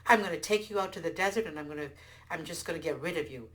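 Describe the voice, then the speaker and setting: A woman's voice: low-pitched, fairly bright tone. A woman storyteller voicing a cruel man who is angry with his donkey. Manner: harsh, hurried.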